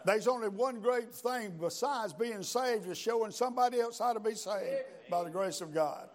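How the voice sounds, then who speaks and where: An older man with a drawl delivers a sermon, mixing his own life story with scripture. His voice sits on the high side for a man, and his folksy delivery is full of amens and hesitant pauses. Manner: folksy storytelling, frequent "amen" and "uh". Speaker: preacher. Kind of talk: sermon with personal testimony.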